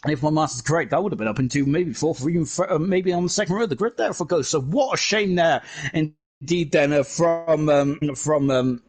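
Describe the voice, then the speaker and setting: A man commentating a sim racing league live, excitable and chatty, shouting at the big moments. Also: on the high side, a little fast, faint music behind. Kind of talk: live esports race commentary.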